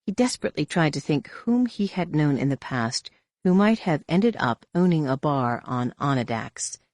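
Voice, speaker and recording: Male audiobook narrator, even scripted delivery, dry booth sound. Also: a little high, normal speed, dry recording.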